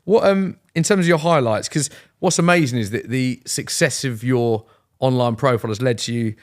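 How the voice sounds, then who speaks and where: A man's voice: mid-range voice, moderate pace. A man hosting an interview, asking questions in an eager, encouraging way. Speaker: host.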